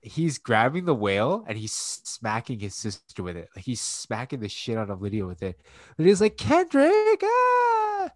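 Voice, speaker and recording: A man in his thirties tells a loose, profane story about parenting, leaning on fillers as he goes. His voice sits a little low, and the sound is dry with no room around it. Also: normal speed, hardly any pauses, no echo. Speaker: podcast co-host and father. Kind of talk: casual chat.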